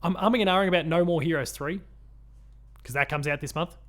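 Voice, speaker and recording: A man's voice: a little high, fast talker, a bit bright. A man from Australia co-hosting a casual chat podcast, rambling with many ums and restarts. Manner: rambling, lots of ums and restarts, laughs often. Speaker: podcast co-host.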